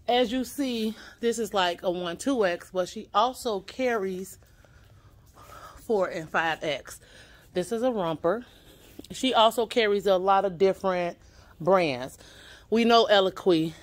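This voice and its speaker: Touring an indoor boutique with a handheld camera, a woman with a mid-range voice hosts a casual shopping vlog. She's chatty and upbeat, speaking directly to her viewers.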